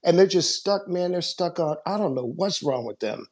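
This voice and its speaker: A man's voice: sits high, expressive, normal speed. A man in his forties calling in to a radio show, earnest and exasperated. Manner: earnest and exasperated, quoting his own arguments with his sisters. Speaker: caller. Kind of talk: casual phone call-in.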